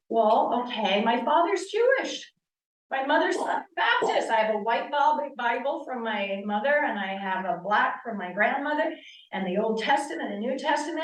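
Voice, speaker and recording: A woman in her sixties, from the northern United States, speaking as a guest speaker on yoga and telling personal stories in an animated way, acting out the dialogue she quotes. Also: fairly high pitch. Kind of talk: personal storytelling talk. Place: church hall. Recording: echoey room, distant mic.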